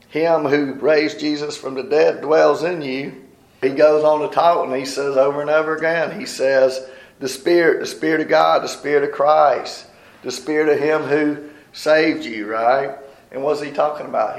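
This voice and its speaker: A man's voice: medium pitch, vocal fry, reverberant, poor audio. A man preaching a sermon, talking to his listeners casually, asking questions and answering them himself, often adding "right?".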